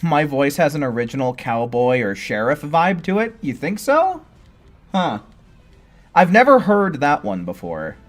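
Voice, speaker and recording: A man's voice: on the high side, big pitch swings, measured pace, soft background music. Laid-back man streamer from California. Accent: General American. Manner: laid-back, chatty, answering chat. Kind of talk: casual live-stream chat.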